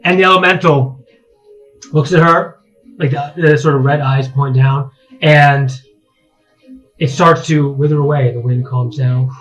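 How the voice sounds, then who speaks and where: A man's voice: medium pitch, steady tone, measured pace, pauses often, a bit bright, faint music behind, rough recording. A man narrating a tabletop game as game master, rambling through the scene with many fillers and restarts.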